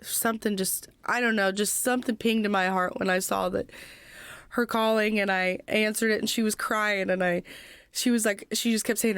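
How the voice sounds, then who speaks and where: A woman in her twenties, a podcast guest, telling her personal recovery story in an earnest, halting way with many fillers. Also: medium pitch, steady tone, a bit bright, clear, resonant tone, no room sound. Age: 20s.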